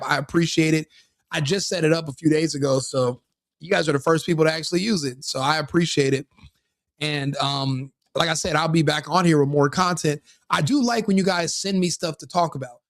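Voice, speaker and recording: A man's voice: fairly high pitch, no room sound, studio quality. A man hosting his own show, talking casually to his audience in a rambling way, restarting and correcting himself often. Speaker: podcast host. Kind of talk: casual solo commentary.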